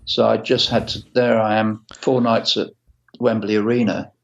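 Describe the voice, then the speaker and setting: A man in his sixties, a guitarist as an interview guest, telling stories in a halting way with many restarts. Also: fairly low pitch, flat delivery, vocal fry, highs cut off. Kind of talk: casual interview storytelling.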